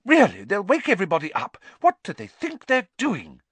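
A high, shrill storybook matron who bustles and scolds, never at peace, as a male reader puts her on. Her lines leap up well above the reader's own range. The sound is dry and close. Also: huge pitch swings, normal speed, fairly bright tone, slightly rough, no echo, heavily acted. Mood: irritated. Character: bossy fussing school matron woman.

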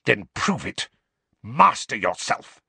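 A man reading an audiobook, voicing a cold, contemptuous male teacher with slow, clipped scorn. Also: fairly low pitch, very animated, bright, forceful tone, no room sound, full character voice. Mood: commanding.

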